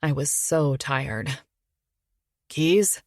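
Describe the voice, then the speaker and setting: A woman narrating a first-person romance audiobook in an intimate, even storytelling manner. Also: deep voice, measured pace, no echo, studio quality.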